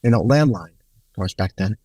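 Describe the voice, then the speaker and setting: Older-sounding man telling lively film-set stories. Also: on the low side, normal speed, no room sound. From New York. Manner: storytelling, swearing, acts out quotes. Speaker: guest cinematographer. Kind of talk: casual anecdotal interview.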